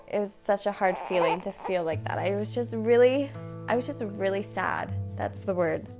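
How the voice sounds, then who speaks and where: A young woman vlogger telling a personal story to camera, emotional and reflective, halting and restarting as she talks. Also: mid-range voice. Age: young adult. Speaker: family vlogger. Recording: soft guitar music behind.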